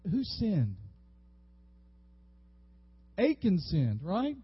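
High-voiced pastor preaching, husky and dry. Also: male voice, normal speed, no room sound. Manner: animated, acts out biblical figures with rising voice. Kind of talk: sermon. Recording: dull, slightly lo-fi audio.

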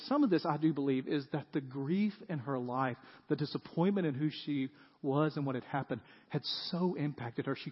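High-voiced male pastor preaching. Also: husky. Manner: conversational, asks the audience rhetorical questions. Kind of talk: sermon. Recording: dull sound with long hall reverb.

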